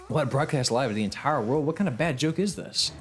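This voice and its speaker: A man's voice: medium pitch, animated, a little fast, natural voice. Earnest, anxious teen student from a game read by a man, puzzled, faint music behind.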